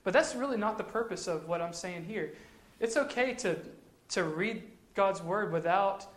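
A man's voice: high-pitched, lively intonation, moderate pace. A man giving casual devotional teaching, talking in a conversational way and repeating phrases for emphasis. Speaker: Christian teacher. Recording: echoey room.

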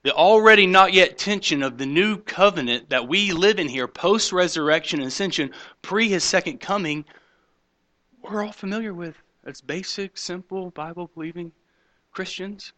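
A man preaching a sermon in a bright, forceful voice that sits a little high. He swings between loud emphatic points and hushed asides, and slips into mocking voices to quote the skeptics. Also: moderate pace. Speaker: pastor.

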